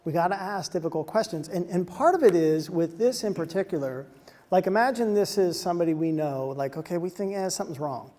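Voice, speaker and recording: Warm-voiced man in an echoing hall. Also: high voice, a little fast. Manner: animated, acts out quotes, drops to a soft hush for emotional moments. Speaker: speaker addressing soldiers. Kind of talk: motivational storytelling talk. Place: large hall on a military base. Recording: long reverb of a large hall.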